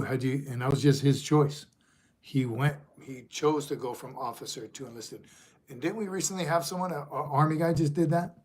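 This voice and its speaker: Hosting a laid-back livestream, a middle-aged man who retired as a Marine sergeant major rambles while reading out viewer comments, speaking in a mid-range voice.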